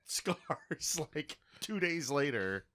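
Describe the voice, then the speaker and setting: A man's voice: on the high side, big pitch swings, very slow, over a noisy crowd. A man guesting on a podcast, offering theories about a film and standing by his take. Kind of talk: casual movie-riffing chat.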